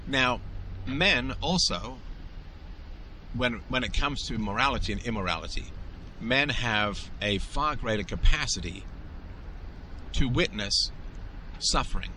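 A man's voice: mid-range voice, lively intonation, unhurried, pushed and bright, slight background noise, poor audio. A man hosting his own show, giving an emphatic solo commentary monologue and often tagging his points with a rhetorical "right?". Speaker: podcast host.

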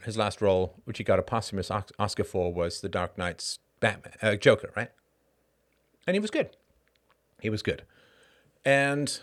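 A middle-aged man hosting a casual solo monologue, animated and rhetorical, with short laughs and frequent asides of "right?". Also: lowish voice. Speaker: podcast host.

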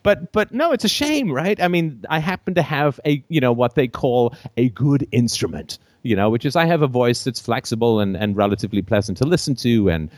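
Animated British man, lively pitch. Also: brisk, hardly any pauses, no echo. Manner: animated, laughs between phrases, theater-trained voice. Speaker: call-in show host. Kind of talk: unscripted call-in show monologue.

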